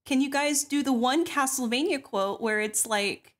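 A bubbly woman hosts a stream, chatting casually and reading out donations with a lot of giggling. Her voice sits fairly high. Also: moderate pace. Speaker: stream host.

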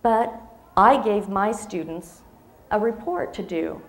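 A woman's voice: medium pitch, lively intonation, slow, reverberant. A woman in her fifties giving a motivational speech to an audience, telling a personal story expressively and acting out the dialogue. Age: 50s. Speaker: motivational speaker.

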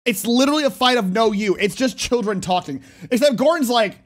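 Excitable high-voiced young man reacting. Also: a little fast. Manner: excitable, jokey, talks back at the screen. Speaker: streamer reacting to a TV clip. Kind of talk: casual reaction commentary.

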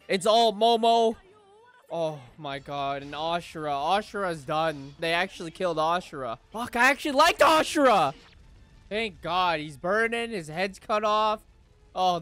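A young man reacting to an anime episode, swearing freely and shouting with excitement. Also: on the high side. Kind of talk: live reaction commentary.

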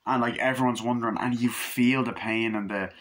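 A man's voice: mid-range voice, fairly even intonation, fairly quick, fairly bright tone, slight background noise. A young man casually reviewing a horror movie on camera, rambling and swearing, acting out scenes with screams and little voices. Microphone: camera mic.

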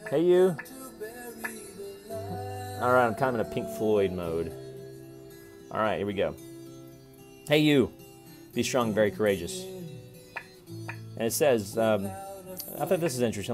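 A man in his forties giving a casual Bible reflection to camera, chatty and repetitive, with sudden loud playful callouts. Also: fairly low pitch. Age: 40s. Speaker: vlogger reading and reflecting on scripture.

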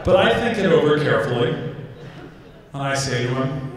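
With a sing-song, mid-range voice at normal speed, a comedian pauses often while a crowd is heard behind him. He tells a story on stage, acting out its voices, in a large hall with a live audience; the recording is distant and echoey.

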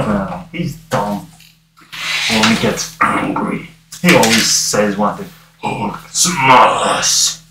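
A man playing Deadpool, a wisecracking masked antihero, chatting with viewers in a rambling, jokey way on a livestream. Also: fairly low pitch. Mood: joking. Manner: rambling, jokey, mock-begging. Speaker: cosplayer livestreaming. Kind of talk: livestream chat in character. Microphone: phone on livestream. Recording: echoey room, far from mic, noisy.

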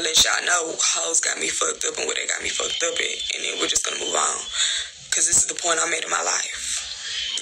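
A young woman from Birmingham, Alabama, speaking to her followers as an influencer in a blunt, profane, emphatic rant. She swings between loud outbursts and low murmurs. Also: big pitch swings, normal speed, creaky, background noise. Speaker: social media influencer. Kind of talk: candid vlog rant to followers.

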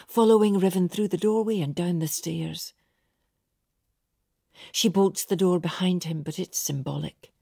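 A woman with a husky, slightly low voice reads a historical novel at an unhurried pace. Her tone is dark and mellow, and the recording is dry and close, with no room sound. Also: steady tone, dry recording. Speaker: audiobook narrator. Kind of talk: scripted narration.

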